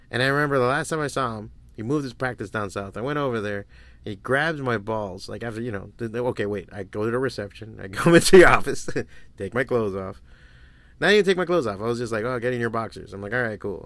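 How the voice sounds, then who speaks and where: A man's voice: lowish voice, a bit bright. A man in his forties hosting a solo podcast, telling stories in a crude, rambling way and swearing freely. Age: 40s. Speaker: podcast host. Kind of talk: casual solo podcast monologue.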